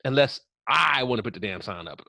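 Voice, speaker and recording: In a medium-pitched voice with vocal fry, a man talks a little fast as he co-hosts a podcast. His casual storytelling is animated, full of swearing and acted-out quotes, captured in a dry, clean studio recording.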